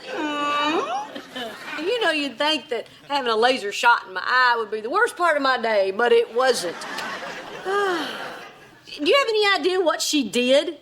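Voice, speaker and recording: Sarcastic sitcom mom, high voice, super swingy, lots of hiss. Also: female voice, big pitch swings, slow, long pauses, a crowd in the background, full character voice. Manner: dry, sarcastic wisecracks. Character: sarcastic middle-aged mother, wisecracking and blunt. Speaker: sitcom lead. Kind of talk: sitcom acting.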